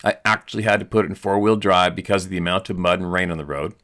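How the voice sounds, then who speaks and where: Man, very deep voice, host, reading a listener letter aloud, earnest, steady. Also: quick pace. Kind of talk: reading a true eyewitness story aloud.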